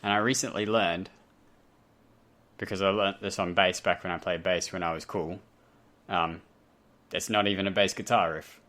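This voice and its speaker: A man's voice: low voice, fairly even intonation, normal speed, pauses often, fairly bright tone. A man with a light Australian accent hosting a podcast, chatting casually and rambling off on self-deprecating tangents. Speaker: podcast host. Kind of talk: casual chat. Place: home, talking over a voice call.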